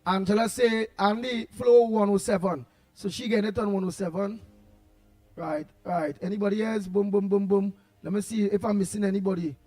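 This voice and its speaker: High, husky Trinidadian man bantering. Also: steady tone, normal speed, no room sound, faint music behind. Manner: loud, playful banter. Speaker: host greeting live viewers. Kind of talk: casual live-stream chat.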